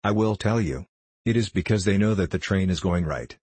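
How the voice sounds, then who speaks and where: A man's voice: deep voice, normal speed, darkish tone, slightly rough, no echo. A man voicing a supercilious, sarcastic male anarchist poet in an audiobook reading. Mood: mocking.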